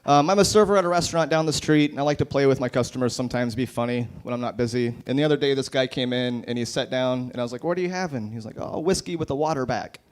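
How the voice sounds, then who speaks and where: A man performing stand-up at an open mic in a brewery, delivering deadpan one-liners into a handheld mic. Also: mid-range voice, quick pace, few pauses, clear, resonant tone. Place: brewery bar.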